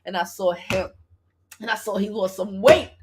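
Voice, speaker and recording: A woman, telling a story on her live stream in a casual, animated, profane way and talking straight to her viewers. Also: medium pitch, normal speed, noisy background. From Brooklyn, New York. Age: 40s. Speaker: gossip vlogger and love coach.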